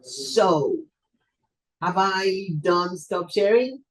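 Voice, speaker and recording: A hoarse presenter, fighting a cough, wraps up an online teacher webinar in a loose, playful way. They joke at their own expense. The voice comes through a computer mic on a video call. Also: mid-range voice, expressive, drawn-out words, poor audio. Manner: chatty, playful and self-deprecating. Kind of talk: casual online webinar wrap-up. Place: video call from a home or office.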